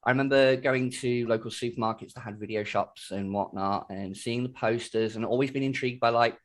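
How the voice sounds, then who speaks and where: A man's voice: mid-range voice, fairly quick. A man, a guest in a casual interview, telling stories in a chatty way over a video call. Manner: chatty storyteller, laughs often.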